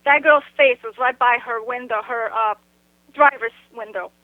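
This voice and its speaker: Female phone guest, high voice, thin phone sound, blunt and halting. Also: dry recording. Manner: blunt, halting, full of "you know" and "like". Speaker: guest recounting an encounter. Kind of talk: casual phone interview. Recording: tinny phone line.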